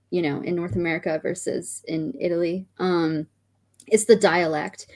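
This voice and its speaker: A woman from Canada talks casually and often pauses to find her words. Her voice sits a little low for a woman. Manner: hesitant, searching for words. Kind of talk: casual chat.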